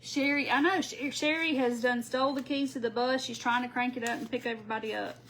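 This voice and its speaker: A woman's voice: on the high side, steady tone, fast talker, a bit bright, slight background noise, poor audio. A woman hosting a casual craft livestream, chatting and laughing with viewers by name while she works. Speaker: craft tutorial host.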